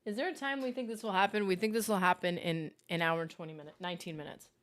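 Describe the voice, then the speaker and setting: A young adult woman hosting a casual gaming livestream, chatty and excitable, reading chat aloud and reacting. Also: fairly low pitch, fast. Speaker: livestream host.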